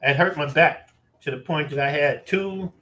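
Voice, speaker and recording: A man casually telling a personal story to his viewers, animated and profane, with emphatic repetition. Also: a little high, moderate pace, noisy background. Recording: roomy echo.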